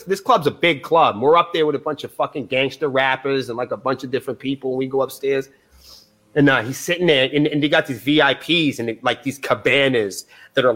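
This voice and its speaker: A man's voice: medium pitch, fairly bright tone. A man, a band's point of contact guesting on a podcast, telling rambling, profane stories in casual chat and acting out what people said. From New Hampshire, USA. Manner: profane, rambling, acts out quoted lines.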